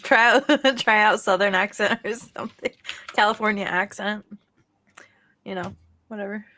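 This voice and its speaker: A woman's voice: medium pitch, normal speed, sharp tone. A woman co-hosting a casual gaming podcast, chatty and laughing often as she searches for names. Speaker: podcast co-host. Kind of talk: casual chat.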